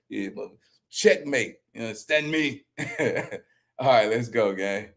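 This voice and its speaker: A man's voice: mid-range voice, a little slow, vocal fry. A man commenting on a live stream, rambling and profane, often repeating and restarting his words. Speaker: reaction streamer.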